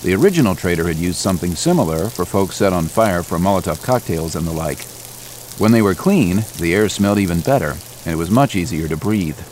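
A man reading an adventure audiobook in a steady, measured way. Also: sits low, a little hiss or hum. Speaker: narrator. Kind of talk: audiobook narration.

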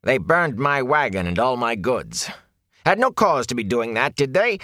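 A man voicing a ragged, frightened male peddler who talks in a raspy, hoarse, whining way. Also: mid-range voice, very animated, normal speed, pushed and bright, dry recording, studio quality, pitched above the performer's own voice. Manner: whining, fearful, rambling.

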